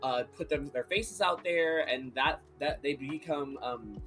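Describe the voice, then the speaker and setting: A man's voice: a little high, a little slow, a bit bright, faint music behind. A man guest in a round table chat, thoughtful and hesitant with many "uh"s. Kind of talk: casual chat.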